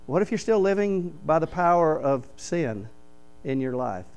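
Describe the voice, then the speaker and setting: A man, a pastor preaching a sermon in church, reading scripture aloud and explaining it with animated stories. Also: a little high, unhurried, clear, resonant tone, rough recording. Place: church sanctuary.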